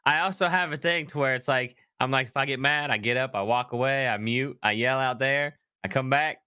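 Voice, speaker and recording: A man co-hosting a podcast, chatting casually about video games, animated and quick to laugh. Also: medium pitch, clear, resonant tone, no echo, studio quality. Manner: animated, laughs often, trails off. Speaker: podcast co-host. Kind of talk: casual gaming chat.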